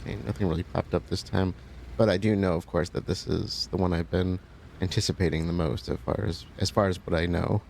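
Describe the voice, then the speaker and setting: Gravelly low-voiced man commentating gameplay. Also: fairly quick, slight background noise. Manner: relaxed, thinking aloud, chatty asides. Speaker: let's play host.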